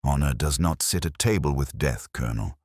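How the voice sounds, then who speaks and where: A man playing a Victorian detective who speaks in a cold, cutting, measured way. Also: a bass voice, a little mellow, dry recording, clean studio sound. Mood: accusing.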